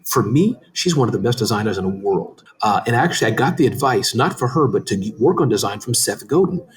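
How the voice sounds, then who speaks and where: A man speaking as a guest in a casual interview, animated and talking quickly, sometimes slurring words. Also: lowish voice. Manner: fast, animated, says he talks too fast. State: tearing up, emotional. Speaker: podcast guest, business founder.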